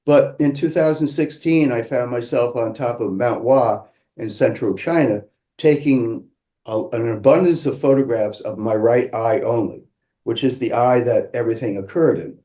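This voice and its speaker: A man calmly telling a personal story, measured and reflective, with pauses and restarts. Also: mid-range voice. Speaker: qigong practitioner sharing his story.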